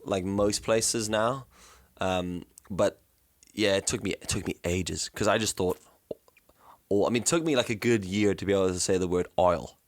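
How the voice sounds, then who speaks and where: A man's voice: on the low side, fairly even intonation, normal speed, no room sound, studio quality. A young man from South Africa co-hosting a casual podcast, rambling and correcting himself as he explains things. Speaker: co-host.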